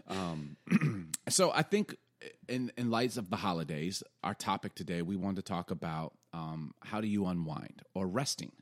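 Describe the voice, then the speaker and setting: 40s guy cohost, jokey, low voice that bounces all over. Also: a little slow. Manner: goofy, jokey, lively. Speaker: podcast co-host. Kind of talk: casual chat.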